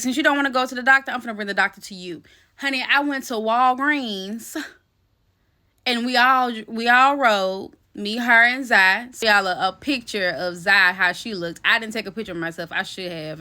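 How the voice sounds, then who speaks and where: Young woman, storytime vlogger: bright, slightly high voice, animated and slangy, curses freely. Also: normal speed. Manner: animated, slangy, addresses viewers as "y'all" and "baby"; swears freely and laughs while telling the story. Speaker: vlogger telling a personal story. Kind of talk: casual storytime chat.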